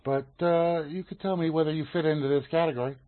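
An easygoing man reads news stories on a casual podcast, stammering into restarts and laughing along. His voice sits a little high for a man. The sound is narrow and phone-like. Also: fairly even intonation, fast talker. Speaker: podcast co-host.

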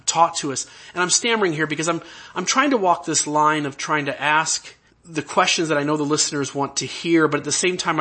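Male podcast host, earnest and halting, bright husky tone. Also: on the high side. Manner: earnest, halting, searching for words. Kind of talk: conversational interview.

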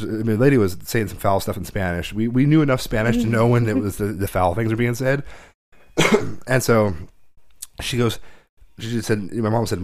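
A man's voice: on the low side, darkish tone. A man telling rambling, profane stories in casual chat, often laughing at himself.

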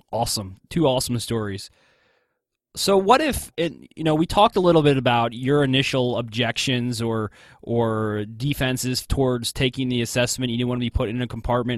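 A man's voice: mid-range voice, a bit bright, dry recording, studio quality. A man hosting a podcast, asking questions in an enthusiastic, conversational way. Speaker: podcast host. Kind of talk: podcast interview.

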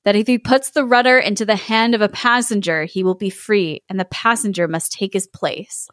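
A woman's voice: medium pitch, steady tone, normal speed, a bit bright, no echo, clean studio sound, lightly acted. A woman voicing a grumpy male giant who is cross at being woken.

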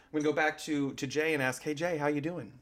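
A man's voice: a little high, fairly even intonation, fast talker, a bit bright. A man hosting a podcast panel in casual chat, joking around in a playful, loose way. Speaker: podcast host.

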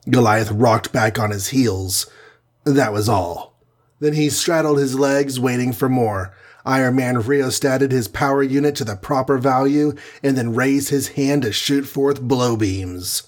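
Husky male audiobook narrator. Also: mid-range voice, unhurried.

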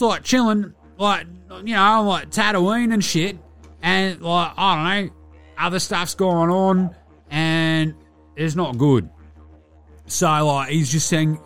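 A man's voice: high voice, voice pushed up. A man doing a crude broad-Aussie larrikin. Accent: broad Australian. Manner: swears constantly, slangy and excitable. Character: crude laid-back Aussie basketballer bloke.

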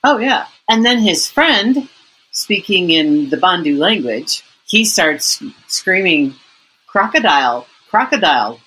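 A woman author retelling a story in an interview, slow and lively, building up the suspense. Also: fairly low pitch, slightly rough, rough recording.

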